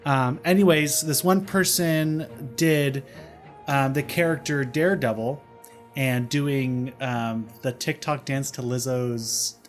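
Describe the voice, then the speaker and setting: With soft music in the background, this young podcast co-host talks slowly in a steady, medium-pitched voice. His casual chat is full of jokes, teasing and filler words.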